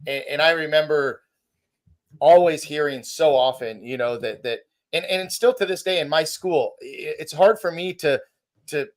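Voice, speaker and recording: A man's voice: fairly high pitch, moderate pace. A man who hosts a podcast and runs a martial arts school, talking thoughtfully with many restarts. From United States. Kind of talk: casual podcast conversation.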